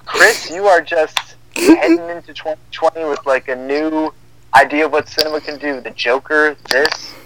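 Animated young man acting out stories. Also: fairly high pitch, moderate pace, low-quality recording. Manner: animated storyteller acting out quoted dialogue. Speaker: podcast co-host. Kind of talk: casual chat.

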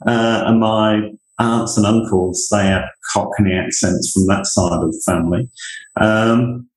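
The guest, a university leader, is a middle-aged man from England with a Northamptonshire accent who tells meandering, self-deprecating tales in a conversational interview. His lowish voice stays steady and unhurried, and the rough recording has a roomy sound.

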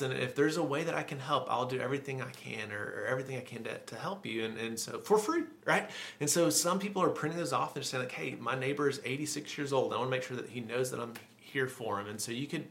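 A man's voice: mid-range voice, gravelly, sharp tone. Conversational man preaching a sermon. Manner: conversational, repeats words as he restarts phrases. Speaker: pastor.

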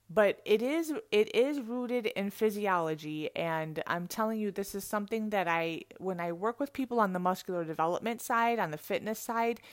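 A middle-aged woman coach giving a lively, conversational motivational talk and laughing often. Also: medium pitch, no echo, studio quality.

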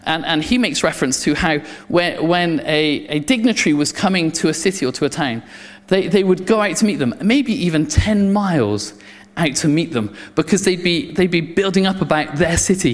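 A man preaches to a congregation, and his voice sits a little high for a man. He stumbles over restarts and slips into the voices of the crowd as he tells the story. A long reverb trails behind his words, as in a church hall. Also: lively intonation, a little fast. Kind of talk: sermon.

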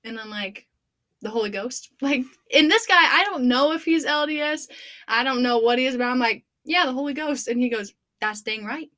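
A young woman hosting a podcast, telling a funny story in casual chat, animated and laughing, full of "like". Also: high voice, a little fast. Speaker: podcast host.

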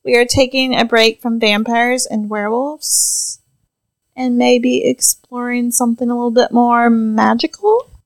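Give me a chatty Southern woman co-hosting a podcast, slightly raised pitch, dry close sound. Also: level tone, measured pace, dry recording, low-quality recording. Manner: chatty, trails off with fillers. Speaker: podcast co-host. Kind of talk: casual chat.

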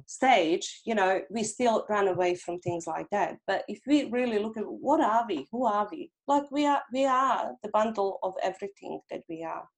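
A middle-aged woman guest, a hypnotherapist, talking gently and reflectively in an interview and acting out little inner dialogues. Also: mid-range voice, expressive, normal speed, hardly any pauses. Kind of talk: conversational interview.

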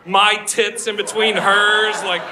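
A man doing a stand-up comedy set on a live stage, loud and brash, swearing and laughing at his own jokes. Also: high-pitched, little pitch movement, slow, noisy background. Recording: live show with audience laughter.

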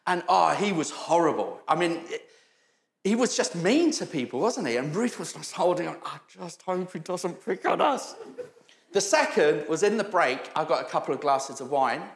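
Animated preacher in an echoey hall. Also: male voice, a little high, normal speed, gravelly. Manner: storytelling, acts out quoted voices, laughs often. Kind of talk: sermon with humorous stories. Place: church hall.

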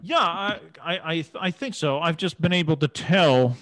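Guy with a lively higher voice, chatty storyteller, dry close sound. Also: normal speed, dry recording. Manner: storytelling, animated. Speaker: interviewer. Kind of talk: casual conversation.

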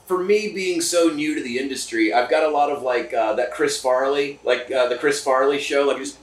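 An enthusiastic man hosts a tasting chat at a distillery, joking and rambling happily between sips. His mid-pitched voice sounds roomy and picked up from a little way off. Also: normal speed. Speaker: host. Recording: roomy, from a distance.

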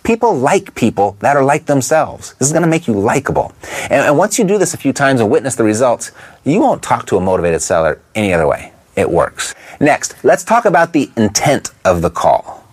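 A man teaching real estate investors how to talk to motivated sellers, in a lively coaching manner that keeps asking the listener rhetorical questions. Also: mid-range voice, brisk, breathy edge. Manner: briefly imitates a Texan twang. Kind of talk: instructional talk to camera.

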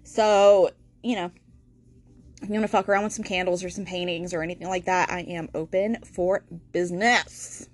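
A woman's voice: on the low side, fairly even intonation, normal speed. A woman hosting a solo podcast, rambling and self-deprecating with lots of ums. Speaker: podcast host. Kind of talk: casual solo podcast chat.

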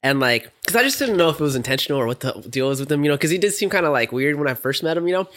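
A man's voice: fairly high pitch, animated, rapid-fire, a bit bright. A man co-hosting a podcast, chatting casually in loose slang, often saying dude and you know.

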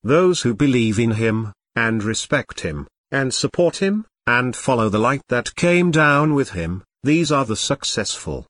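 A man reading a translated scripture aloud in slow, measured, solemn phrases. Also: medium pitch, very animated, fairly bright tone, no echo.

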